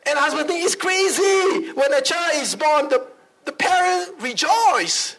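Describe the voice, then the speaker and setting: A male pastor preaches a sermon in an animated way, with big swings in pitch and calls for amens. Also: measured pace, poor audio.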